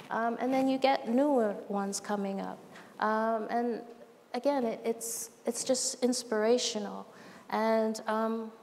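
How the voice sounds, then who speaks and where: A woman speaks on a stage into a microphone, her voice in a middle register. She talks in a heartfelt, animated way and acts out bits of dialogue as she tells stories. A long hall reverb trails behind her, with a faint hiss underneath. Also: mid-range voice, vocal fry. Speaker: speaker at a live event. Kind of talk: heartfelt public talk. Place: large event stage.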